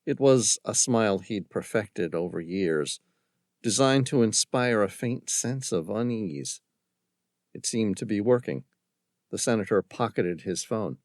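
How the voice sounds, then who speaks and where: A male audiobook narrator reading a thriller novel in a measured, dramatic storytelling manner. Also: lowish voice, expressive, a little mellow, dry recording, studio quality. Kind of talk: scripted narration.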